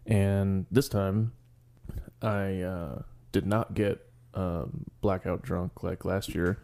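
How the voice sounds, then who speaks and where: A man's voice: low voice, level tone, slow, creaky, mellow. A young man telling a rambling, profane story on a casual podcast as its co-host.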